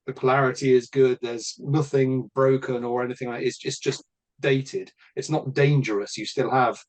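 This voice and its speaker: A man's voice: medium pitch, fairly even intonation, normal speed, darkish tone. A man from Britain talking casually as a podcast host, bluntly and with frequent swearing and restarts.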